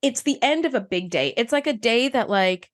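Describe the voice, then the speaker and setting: A woman co-hosting a podcast in casual chat, retelling scenes warmly and acting out the lines. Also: fairly high pitch, lively intonation, normal speed. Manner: enthusiastic, heartfelt, retells scenes with acted lines. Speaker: podcast co-host.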